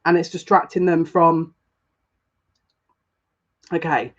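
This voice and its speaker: A woman's voice: low voice, fairly even intonation, takes it slowly. A woman giving a casual live tarot reading as a psychic, chatty and rambling with frequent giggles. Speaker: psychic reader. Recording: dull lo-fi sound.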